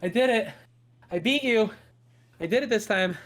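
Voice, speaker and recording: A man's voice: high-pitched, lively intonation, normal speed, a bit bright, pitched above the performer's own voice. A man voicing a boastful, bratty young twin sister in a tabletop game. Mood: triumphant.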